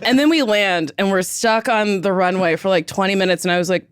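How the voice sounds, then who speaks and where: A woman guesting on a podcast, telling animated, casual stories. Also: medium pitch, brisk, clean tone, no echo, clean studio sound. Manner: animated storyteller. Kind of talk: casual chat.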